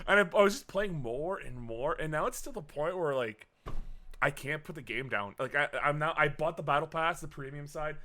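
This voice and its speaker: A man co-hosting a casual gaming podcast, talking in an animated way, swearing freely and filling his talk with "uh" and restarts. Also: on the high side, moderate pace. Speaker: podcast co-host.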